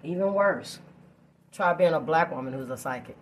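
A woman hosting a casual chat, telling stories loudly and profanely and laughing often. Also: deep voice, lively intonation, moderate pace, a little hiss or hum. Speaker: host.

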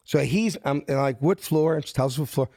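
A man's voice: mid-range voice, moderate pace, no room sound, clean studio sound. A man, telling a story casually and acting out the dialogue in different voices. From South Philadelphia. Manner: animated, acts out quoted dialogue in voices. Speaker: guest.

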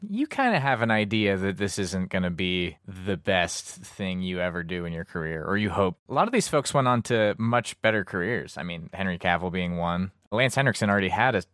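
A man's voice: deep voice, expressive, a little fast, few pauses, a bit bright, no echo, clean studio sound. A man co-hosting a casual movie review podcast, joking and laughing often. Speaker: podcast co-host.

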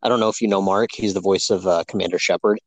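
A man's voice: low voice, fairly even intonation, fast, no echo. A man co-hosting a podcast, telling stories casually with plenty of fillers. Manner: conversational, storytelling, many fillers. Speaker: podcast co-host. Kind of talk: casual interview chat.

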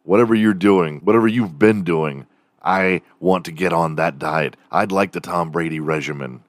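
A man's voice: sits low, moderate pace, no echo, clean studio sound. A man from Texas with a Texan accent hosting a podcast, ranting casually, profane and rambling. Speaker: podcast host. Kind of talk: casual rant.

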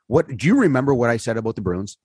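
A man with a husky, slightly breathy voice, caught up in a casual sports rant. He sounds exasperated and swears freely, and his pitch shoots up when he gets fired up. The sound is dry and close. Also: sing-song, rapid-fire, a little mellow, no echo. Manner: exasperated rants, swearing, voice jumping high when worked up. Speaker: podcast co-host.

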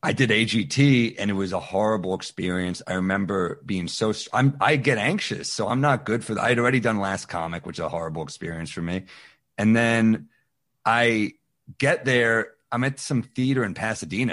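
Low-voiced man telling a comedy story. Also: fairly quick. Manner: animated, acts out quoted voices. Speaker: stand-up comedian, podcast guest. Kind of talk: casual storytelling.

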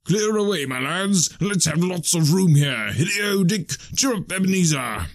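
Jolly stout old merchant in a storybook, rich oily voice pitched up, hearty calls; a male reader puts him on. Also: lively intonation, normal speed. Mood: jovial. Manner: hearty, raised, calling out. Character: jovial fat old merchant, warm and boisterous.

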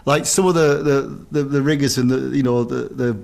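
A man's voice: mid-range voice, steady tone, fairly quick, vocal fry, darkish tone. A man chatting as a co-host, telling rambling anecdotes with restarts. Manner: storytelling, rambling. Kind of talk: casual chat, anecdote.

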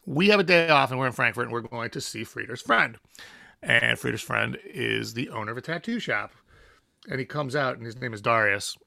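A man's voice: mid-range voice, lively intonation, fairly quick, vocal fry, pushed and bright, no room sound, clean studio sound. A young adult man, a guest musician, telling a rambling story with lots of fillers and laughs. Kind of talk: casual anecdote telling.

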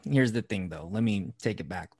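Casting note: animated, playful male co-host in casual chat, dry close mic. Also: lowish voice, moderate pace, husky, no echo. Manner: animated, playful, drops into mock voices. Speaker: podcast co-host. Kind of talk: casual chat reviewing a reality show.

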